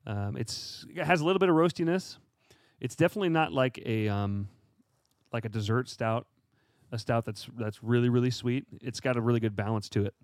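A man co-hosting a casual podcast, chatty and quick to laugh, with lots of fillers. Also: medium pitch, no room sound, studio quality. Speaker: podcast co-host. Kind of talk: casual chat.

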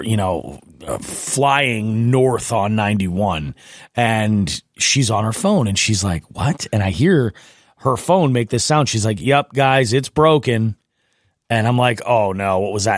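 A man's voice: lowish voice, no echo, clean studio sound. A middle-aged man co-hosting a podcast, rambling casually through a story. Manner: relaxed, rambling, easy agreement. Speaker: podcast co-host. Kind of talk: casual chat.

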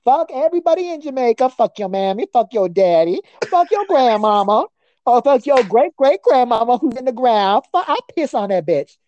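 A woman's voice: on the high side, very animated, moderate pace, warm tone, highs cut off. A woman guest on a comedy podcast, delivering a crude, profane roast in a mocking voice and breaking into nonsense singsong chants.

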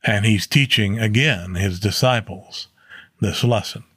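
A man's voice: on the low side, a little slow, a bit bright, slightly rough, no echo, studio quality. A man teaching a Bible chapter in a casual, earnest way, stopping to correct himself and using fillers. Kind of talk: casual Bible study talk.

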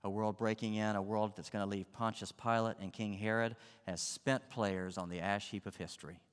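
A man's voice: fairly low pitch, little pitch movement, moderate pace, clear, resonant tone, long reverb tail. A man preaching a sermon as a pastor, acting out the voices in the story with drama.

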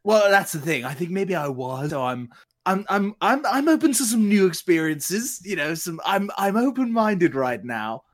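Casting note: awkward, stammering dark lord wizard, somewhat high voice, played by a man at the table. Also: very animated, moderate pace. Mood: rambling. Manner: rambling, stammering restarts. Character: reformed dark lord wizard, male adult, awkward, rambling. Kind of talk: tabletop role-play in character.

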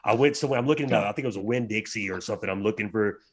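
Animated man telling stories. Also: lowish voice, rapid-fire, slightly rough. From South Louisiana. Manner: animated storyteller, acts out dialogue in a raised voice. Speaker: fight announcer guest. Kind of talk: casual podcast chat, storytelling.

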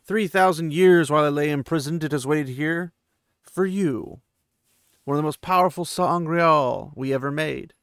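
A man's voice: on the high side, moderate pace, fairly bright tone, clear, resonant tone, no echo, studio quality. A man voicing an ancient, scornful male sorcerer villain who taunts and threatens coldly. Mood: menacing. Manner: cold, mocking and threatening.

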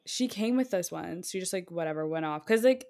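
A young woman co-hosting a casual podcast, telling a rambling school story with quick bursts of speech and frequent laughs. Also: fairly low pitch, animated, vocal fry, a little mellow. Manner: chatty storytelling, laughs often, speeds up in bursts. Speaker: podcast co-host. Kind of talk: casual chat.

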